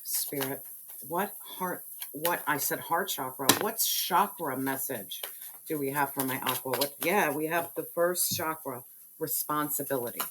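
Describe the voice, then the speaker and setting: A woman's voice: low voice, unhurried, noisy background. A woman giving a spiritual tarot reading, talking bluntly and passionately with lots of slang and swearing. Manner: blunt, slangy and profane, fiery preaching tone. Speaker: tarot reader.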